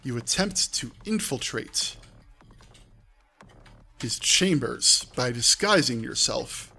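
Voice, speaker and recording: A man's voice: mid-range voice, lively intonation, slow pace, gravelly, pushed and bright, slightly rough, soft background music. A man streaming live, reading out a text adventure and breaking off with offhand asides. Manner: reads aloud with offhand asides. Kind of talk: live-streamed game narration.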